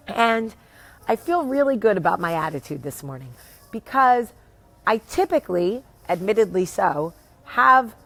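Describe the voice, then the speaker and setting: A woman in her thirties or forties with a New Jersey accent, casually telling a story on her vlog, acting out the people she quotes. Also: mid-range voice. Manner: animated, acts out quotes, swears casually. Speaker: vlogger, show host.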